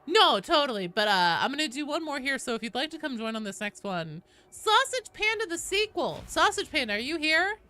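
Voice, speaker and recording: A woman's voice: sits high, big pitch swings, a little fast, few pauses, pushed and bright. A woman chatting casually with viewers and teammates while streaming a game, swearing, cheering and thanking followers.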